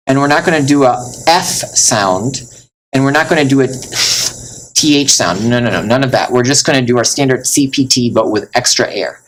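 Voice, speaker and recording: Male Latin teacher, unhurried and patient; enjoys the material, sounds words out carefully. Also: mid-range voice, a little hiss or hum, rough recording. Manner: patient, explains step by step and sounds words out slowly; mildly enthusiastic, calls things neat. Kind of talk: recorded classroom lesson.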